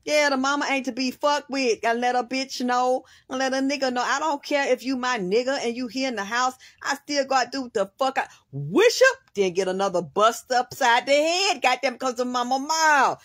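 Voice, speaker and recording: A woman hosting a spiritual reading, rambling in an excitable monologue and swearing freely in long run-on sentences. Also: sits high, moderate pace, hardly any pauses, no echo, clean studio sound. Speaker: host, spiritual reader.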